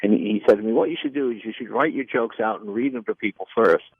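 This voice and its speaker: A man in his sixties, a comedian and former talk show host, telling lively anecdotes in an interview and acting out the people in them. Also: lowish voice, fast talker, creaky, husky, dry recording. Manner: animated anecdotes with quoted voices. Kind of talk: storytelling interview. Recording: dull lo-fi dry sound.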